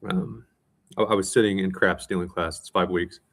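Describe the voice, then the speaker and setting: A tired man talking in a casual, rambling monologue, self-mocking and quick to restart his sentences. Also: sits low, steady tone, creaky, a bit bright, husky. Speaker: vlogger.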